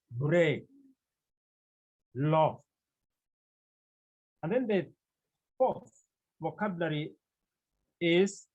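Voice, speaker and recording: Very slow, husky teacher. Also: medium pitch, lively intonation, a little mellow. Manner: repeats each word several times for drilling; patient step-by-step explaining. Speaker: Greek language teacher. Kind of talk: classroom lesson. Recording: dull lo-fi recording.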